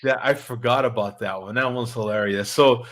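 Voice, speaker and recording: A man hosting a casual online talk show over a video call, chatty and quick to laugh. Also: mid-range voice, steady tone, a bit bright. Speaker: show host. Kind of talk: casual chat.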